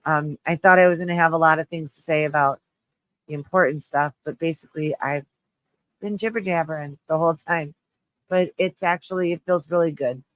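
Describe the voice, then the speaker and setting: A man hosting a live stream, chatting with viewers in a low, shaky-voiced mood, halting and restarting as he rambles. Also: steady tone, a bit bright, dry recording, poor audio. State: shaky voice, close to tears. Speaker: livestream host.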